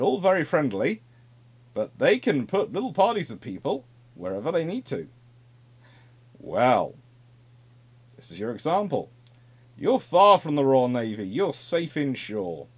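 Animated man giving a naval history lecture. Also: on the high side, breathy edge. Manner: lively, conversational, with asides and repetitions.

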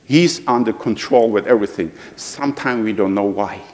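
A middle-aged man from Ukraine with a Ukrainian accent, speaking earnestly in halting English as a guest speaker in a church. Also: lowish voice, a little mellow, big-room sound. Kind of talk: heartfelt church talk. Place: church sanctuary.

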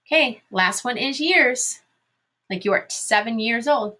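Woman, teacher, slow careful delivery, bright clear tone, spells words letter by letter, encouraging. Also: fairly high pitch, lively intonation. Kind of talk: remote phonics lesson for young children.

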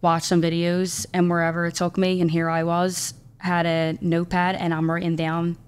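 A woman's voice: fairly low pitch, monotone, moderate pace, clear, resonant tone. A young woman from Philadelphia, a small business owner chatting as a podcast guest, telling her story with lots of quoted asides. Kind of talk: casual interview chat.

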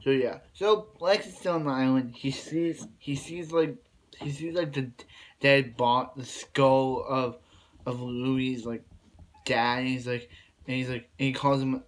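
A man casually recapping a TV episode, rambling with many restarts and "he's like" retellings. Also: mid-range voice. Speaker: TV episode reviewer.

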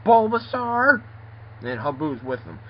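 A man narrating a playful home video with toys, pointing things out in a quick, offhand way. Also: very high-pitched, huge pitch swings, dull audio.

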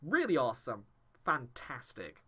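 A man hosting a gaming video, giving excited let's-play commentary in a gushing, excitable way. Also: mid-range voice, unhurried, slightly rough. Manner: gushing, excitable, laughs often.

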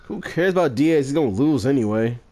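A man's voice: mid-range voice, expressive, fairly quick, a crowd in the background. A man trash-talking and laughing with friends during an online racing game session. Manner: teasing, laughs often, trash talk. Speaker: gamer host. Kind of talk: casual gaming chat with friends. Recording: noisy voice chat with clicks.

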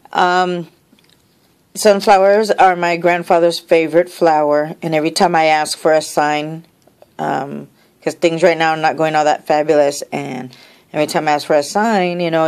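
A woman's voice: deep voice, darkish tone, clear, resonant tone. A woman opening happy mail in a casual vlog, emotional and tearful, gushing and rambling with many restarts.

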